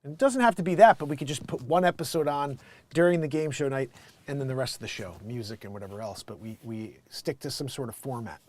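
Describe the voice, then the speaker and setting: A man with an American accent hosting a casual livestream, joking loudly and laughing, then rambling in a relaxed way as he plans future shows. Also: mid-range voice. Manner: loud, laughing comedic banter; relaxed, rambling planning talk. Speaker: livestream host.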